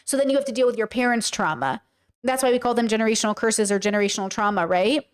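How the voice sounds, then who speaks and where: A streamer and commentator with a slightly high voice talks quickly and smoothly to her livestream audience. She's blunt and emphatic, swearing casually while she reacts and explains.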